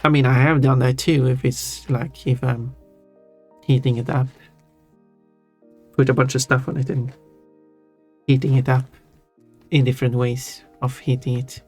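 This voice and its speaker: A man hosting a livestream, answering chat casually in a halting way and chuckling. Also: medium pitch, level tone, a little mellow. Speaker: livestream host. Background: faint background music.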